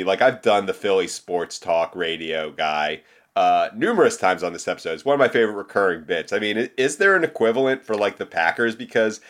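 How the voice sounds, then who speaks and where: Low-voiced man chatting casually. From Philadelphia area. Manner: rambling, lots of "like" fillers, laughs easily. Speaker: podcast guest. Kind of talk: casual sports chat.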